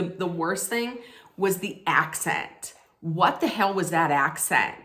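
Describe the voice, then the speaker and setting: Slow-talking blunt woman vlogger. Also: mid-range voice, fairly bright tone. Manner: blunt, frank, laughs and restarts often. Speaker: vlogger giving mock movie awards. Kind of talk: casual opinionated vlog talk.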